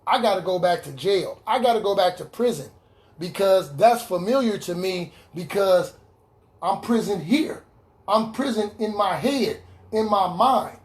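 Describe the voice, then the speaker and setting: A man's voice: high-pitched, animated, a little slow. A man giving an earnest personal testimony in an online recovery meeting, repeating key lines for emphasis over a video call. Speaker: recovery speaker sharing his story.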